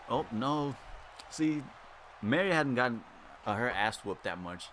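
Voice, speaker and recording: A man at an ordinary pitch calls a wrestling video game match play by play, playful and excitable, breaking into sudden loud exclamations. He sits very close to the mic, with a faint hiss of noise behind him. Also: unhurried, pauses often.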